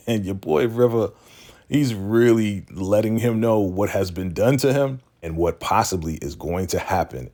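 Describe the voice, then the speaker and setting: A man hosting a casual episode recap, telling it in an animated way with quick laughs. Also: fairly low pitch. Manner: animated storytelling, slips in laughs and acted-out quotes. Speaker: YouTube recap host.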